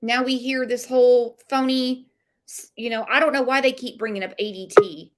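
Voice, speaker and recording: A woman's voice: fairly high pitch, fairly even intonation, moderate pace, noisy background. A woman hosting a livestream with callers, blunt and opinionated as she reads out viewer comments. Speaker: host.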